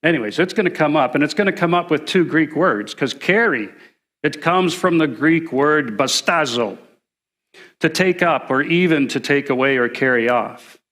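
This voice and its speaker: A man's voice: a little high, lively intonation, normal speed, a bit bright, echoey room. A man giving a sermon in a church, breaking it up with joking, self-deprecating asides. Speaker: guest preacher. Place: church sanctuary.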